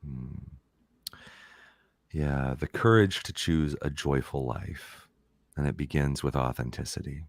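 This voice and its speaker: Deep-voiced man, relaxed reflective guest. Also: slow, pauses often, dry recording. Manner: reflective, laughs often, many ums and restarts. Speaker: podcast guest, author. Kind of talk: casual podcast interview.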